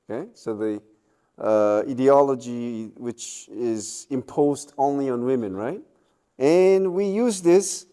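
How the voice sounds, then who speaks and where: A man giving a university lecture, checking in with the class and pausing on fillers. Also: on the high side, warm tone, clean tone. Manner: slow, with many fillers and checking questions. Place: lecture room.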